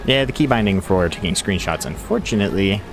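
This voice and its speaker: Lively low-voiced male game streamer. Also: brisk. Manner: chatty, laughs often, talks to himself while playing. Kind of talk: casual live-stream commentary. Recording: faint music behind.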